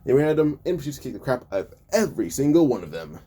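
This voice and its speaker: A man's voice: mid-range voice, big pitch swings, quick pace, mellow, slightly rough. A man casually narrating a fan-made story in a loose, stumbling way, often correcting himself mid-sentence.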